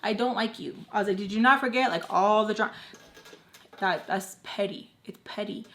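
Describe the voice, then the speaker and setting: A young woman telling a personal story in a casual, animated storytime chat, packed with "like" and acting out what people said. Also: medium pitch, normal speed, a little hiss or hum. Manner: chatty, animated, heavy filler "like", acts out quoted voices. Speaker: storytime vlogger.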